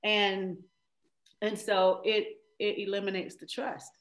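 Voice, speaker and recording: A woman talks over a video call in a casual faith conversation. She speaks thoughtfully, pausing with fillers as she searches for her words, in a mid-range voice. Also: medium pitch, level tone, poor audio. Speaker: guest.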